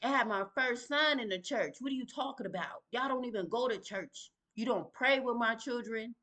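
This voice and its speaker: A woman's voice: on the high side, normal speed. A middle-aged woman, venting in an emotional direct-to-camera vlog, heated and confrontational, calling out absent people in plain vernacular speech. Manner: Southern vernacular, sighs and breathes to calm down. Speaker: mother venting on a video.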